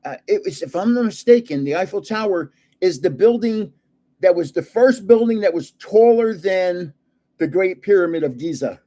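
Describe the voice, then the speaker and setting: A man's voice: high-pitched, lively intonation, moderate pace, dark tone. A man in his seventies hosting a casual livestream, rambling, chuckling often and trailing off while searching for words. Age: 70s. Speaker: livestream host.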